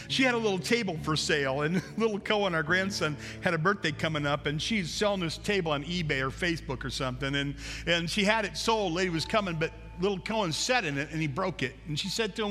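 A man's voice: on the high side, animated, a little fast, pushed and bright, long reverb tail, faint music behind. A middle-aged man, a pastor, preaching a conversational sermon that repeats phrases and acts out prayers. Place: church sanctuary.

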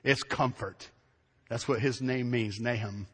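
A middle-aged man preaching a sermon as pastor, telling a family story in an animated way and repeating phrases for emphasis. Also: mid-range voice, measured pace, slightly rough, big-room sound.

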